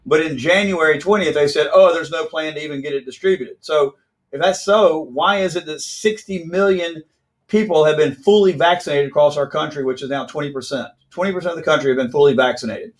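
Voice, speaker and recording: A man hosting a casual news commentary video from South Carolina, talking in a brisk, opinionated, ranting way. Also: on the high side. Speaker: host.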